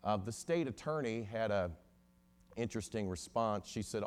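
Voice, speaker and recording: A man's voice: lowish voice, moderate pace. A middle-aged man, a lawyer, telling a story to an audience and acting out the voices of the people in it. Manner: animated storyteller acting out quoted dialogue.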